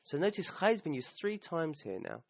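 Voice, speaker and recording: A man's voice: on the high side, big pitch swings, fairly quick, gravelly, dry recording. A man teaching a recorded Arabic grammar lesson on Quran verses. He explains step by step and checks in with the listener with "okay?". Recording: slightly dull, dry sound.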